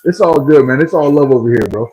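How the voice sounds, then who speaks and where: A man's voice: medium pitch, quick pace, soft background music, low-quality recording. A man hosting a casual livestream, bantering with viewers in a playful, teasing way. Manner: playful trash talk, animated. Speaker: livestream host. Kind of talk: casual live chat with viewers.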